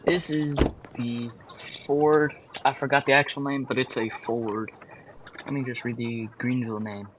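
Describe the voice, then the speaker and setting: Slow-talking man, lo-fi mic. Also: medium pitch, steady tone, noisy background. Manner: rambling, offhand, dryly mocking. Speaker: game video creator. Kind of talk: casual game commentary. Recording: dull lo-fi mic with keyboard clatter.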